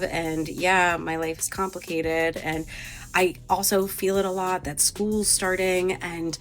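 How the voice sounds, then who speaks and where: A woman's voice: fairly low pitch, flat delivery, a little slow, soft background music. A woman in her thirties talking in a rambling, hesitant, emotional confessional vlog. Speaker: vlogger.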